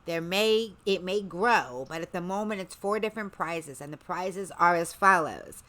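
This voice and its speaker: Woman streamer chatting away, kinda rambly and sarcastic, lower voice. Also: normal speed, pushed and bright. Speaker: livestream host. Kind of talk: casual livestream chat.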